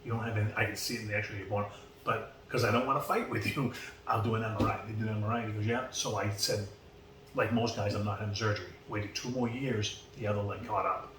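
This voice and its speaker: Boston man telling stories, low voice. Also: quick pace. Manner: animated, acts out quoted exchanges. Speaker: podcast guest. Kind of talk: casual storytelling. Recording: roomy, distant mic, faint background noise.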